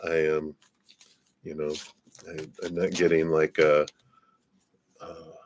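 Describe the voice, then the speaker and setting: A man's voice: very deep voice, flat delivery, takes it slowly. A man giving a live-stream tarot reading in a laid-back, rambling way, often laughing and trailing off. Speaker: tarot reader.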